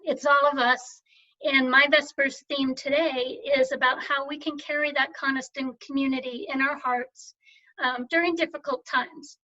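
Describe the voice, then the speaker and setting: An older woman giving a reflective camp vespers talk, telling a story gently and conversationally with many fillers. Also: high-pitched, steady tone, normal speed. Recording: dull lo-fi recording.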